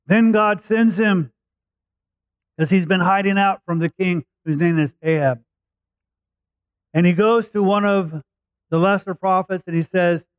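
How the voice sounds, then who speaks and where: Man preaching a lively Bible story. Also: a little high, dry recording. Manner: retells a scripture story in a lively, conversational way with voiced quotes. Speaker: pastor. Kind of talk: sermon storytelling. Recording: tinny phone-like dry sound.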